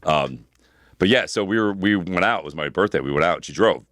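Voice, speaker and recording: Podcast co-host, man, thirties, deep and quick, rambling storyteller with a dry close sound. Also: lively intonation, fairly bright tone, no room sound. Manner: rambling storyteller, swears freely, repeats himself. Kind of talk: casual chat.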